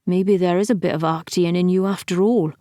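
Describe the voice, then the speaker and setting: A woman's voice: on the low side, steady tone, brisk, mellow, no echo, studio quality, lightly acted. A woman reading an audiobook, voicing a crude, blunt old male falcon who mocks and swears. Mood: mocking. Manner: crass, blunt, mocking.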